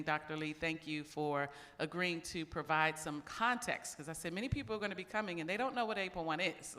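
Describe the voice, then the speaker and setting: A woman's voice: lowish voice, pushed and bright, a little hiss or hum. Grateful woman giving heartfelt thank-yous. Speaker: event organizer. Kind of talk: closing remarks and thank-yous. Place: large event hall. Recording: reverberant hall.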